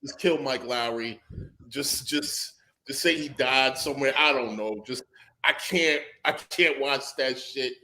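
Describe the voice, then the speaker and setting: A man's voice: medium pitch, bright, forceful tone. A man on a talk panel ranting in mock outrage, swearing freely and building long riffs. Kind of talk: casual chat.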